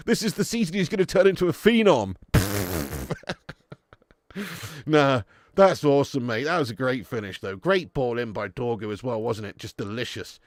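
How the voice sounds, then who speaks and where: An excitable man doing live fan commentary on a football match, swearing freely and chatting to viewers between plays. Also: on the high side, moderate pace, dry recording, clean studio sound. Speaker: fan watch-along commentator.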